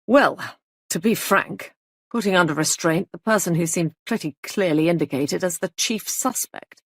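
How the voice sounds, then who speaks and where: A woman's voice: lowish voice, normal speed, breathy edge, dry recording, clean studio sound. A woman voicing an indignant young husband who speaks bluntly and angrily. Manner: blunt, angry.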